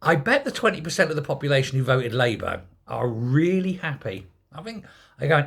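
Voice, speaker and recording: A man's voice: on the high side, big pitch swings, fairly quick, vocal fry, fairly bright tone, husky. An older man giving a scornful, sarcastic opinion rant as a political commentator.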